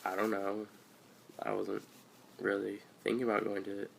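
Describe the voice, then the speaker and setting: A man's voice: fairly low pitch, level tone, normal speed, vocal fry, a little hiss or hum. An eighteen-year-old man from Washington State telling a story in a casual, rambling, offhand way for his video channel. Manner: rambling and offhand, with loose slangy asides. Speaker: vlogger. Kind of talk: casual first-person storytelling. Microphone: handheld camera or phone.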